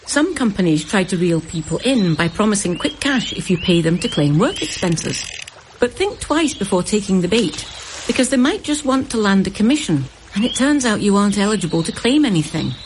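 Woman, advert voice-over, lively pitch, persuasive warning tone, faint background noise. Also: brisk. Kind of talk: scripted advert read.

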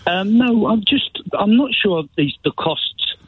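A man's voice: high voice, expressive, a little slow, husky, dry recording. A man calling in to a radio show, telling his story in a rambling, hesitant way. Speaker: caller. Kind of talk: phone-in call. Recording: tinny phone line.

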